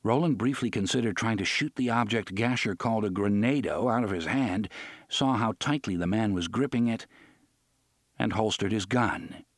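A man narrating an audiobook in an expressive, measured storytelling manner. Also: on the low side, dry recording, studio quality. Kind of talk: scripted narration.

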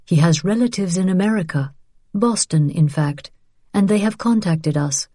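A woman reading the part of an elderly male rabbi who speaks in a gentle, measured way. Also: lowish voice, dry recording, studio quality, lightly acted. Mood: gentle grave.

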